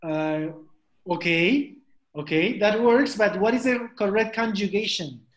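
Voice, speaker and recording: A man's voice: high-pitched, unhurried, fairly bright tone, roomy sound. A man teaching an online English class, repeating questions and drilling pronunciation over a video call.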